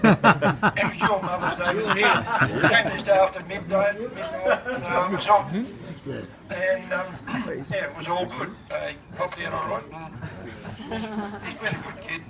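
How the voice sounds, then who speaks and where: A man's voice: high voice, unhurried, long pauses, low-quality recording. A middle-aged father giving a rambling birthday speech, full of ums and uhs. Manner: rambling and hesitant with many fillers. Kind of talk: casual party speech. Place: party in a shed. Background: loud party crowd.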